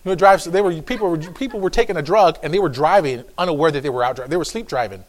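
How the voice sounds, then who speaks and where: Talking fast, this male pastor gives a folksy, repetitive sermon full of emphasis and jokey side comments, moving between quiet asides and shouting.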